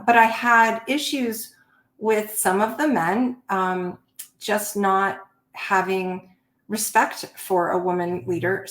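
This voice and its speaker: A middle-aged woman, a Navy veteran, telling stories in an interview in an animated way and laughing between them. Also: medium pitch. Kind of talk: conversational interview storytelling. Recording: roomy echo.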